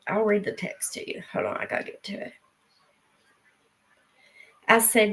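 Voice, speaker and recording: A middle-aged woman and mother hosting a casual live stream, chatty and unhurried, with frequent fillers and laughs. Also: mid-range voice, very animated, creaky, fairly bright tone, rough recording.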